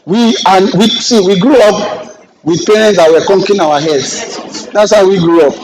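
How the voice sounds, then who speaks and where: A middle-aged Nigerian man teaching a real estate class, lively and joking, acting out exchanges with clients as he goes. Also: high voice, unhurried, poor audio. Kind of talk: classroom lecture with anecdotes.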